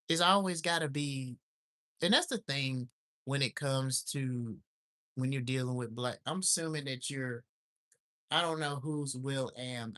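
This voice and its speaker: A man's voice: medium pitch, a bit bright. A man talks on a casual livestream in a blunt, exasperated rant. He swears freely and circles back to the same complaints again and again. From lives in Alaska. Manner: blunt and ranting, with profanity; repetitive and exasperated.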